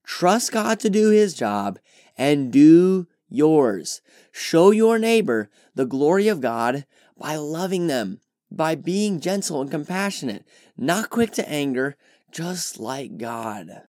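A man's voice: a little high, very animated, slow, darkish tone, dry recording, clean studio sound. A man hosting a Bible teaching podcast, talking earnestly and with emphasis as he works through a passage. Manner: earnest and emphatic, voices quoted reactions with animation. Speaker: podcast host teaching scripture.

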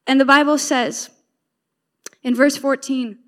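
A woman's voice: high voice, steady tone, extremely slow, pauses often. A woman preaching a sermon, retelling a story with emphatic repetition and asides to the listeners.

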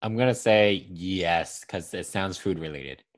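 A man co-hosting a casual podcast, joking around and laughing quickly. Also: low voice. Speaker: podcast co-host.

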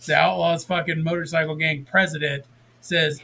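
A man, hosting a casual chat and telling a profane, animated story. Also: on the high side, normal speed, creaky. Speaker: podcast host.

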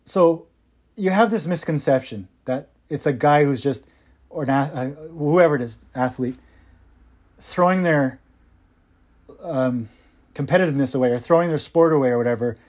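A man's voice: fairly high pitch, measured pace, pauses often, darkish tone. A man hosting his own podcast, giving impassioned, sarcastic solo commentary with mocking asides. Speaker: podcast host.

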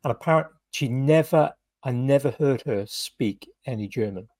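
A man's voice: mid-range voice, moderate pace, darkish tone, dry recording. A British man co-hosting a podcast, telling rambling anecdotes in casual chat with lots of fillers and restarts. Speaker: podcast co-host.

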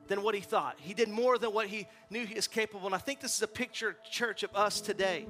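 Male guest pastor, forties, high bright voice, impassioned, stammers at times. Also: a little fast, few pauses, faint music behind. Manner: impassioned preaching, builds to loud peaks; stammers on repeated words. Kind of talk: sermon.

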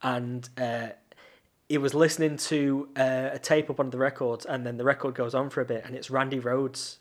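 A man, co-hosting a podcast and telling long rambling anecdotes in casual chat, laughing often. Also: medium pitch. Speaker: podcast co-host.

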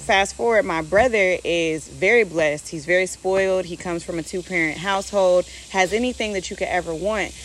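A woman's voice: fairly low pitch, normal speed, few pauses, slight background noise. A woman co-hosting a casual talk, explaining her ideas at length and acting out quotes as examples. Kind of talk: casual conversation.

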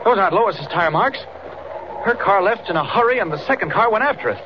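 A man's voice: high-pitched, animated, fairly quick. An actor playing an earnest young male reporter who is secretly a hero, urgent and eager, in 1940s radio acting. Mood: musing. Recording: dull noisy 1940s radio recording.

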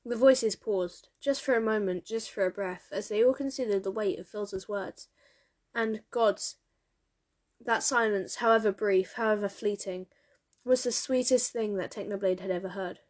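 A woman narrating a story aloud at a middle pitch. Her reading is steady and measured, in the manner of an audiobook. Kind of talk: audiobook reading of fan fiction.

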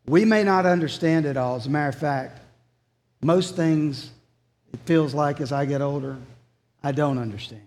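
A man's voice: fairly high pitch, normal speed, a little mellow, in a large hall. A man preaching a sermon as pastor, earnest and emphatic.

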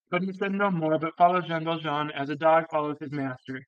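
Reader: man, higher clear voice, steady audiobook narration, dull lo-fi, dry. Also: brisk, hardly any pauses, no echo. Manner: steady, with occasional slips and restarts. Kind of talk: classic novel reading.

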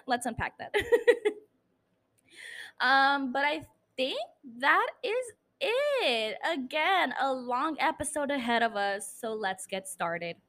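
A woman's voice: high voice, big pitch swings, slow pace, sharp tone. Chatty, swearing woman podcast host. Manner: chatty, swears casually, laughs at herself. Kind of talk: casual episode recap.

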